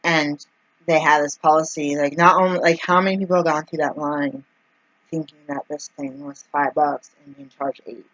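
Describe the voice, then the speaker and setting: A woman's voice: deep voice, steady tone, normal speed, a bit bright, dry recording, muffled recording. A woman telling a personal story in a casual vlog, chatty and full of fillers, acting out the people she quotes. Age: adult, mother of two young kids. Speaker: vlogger.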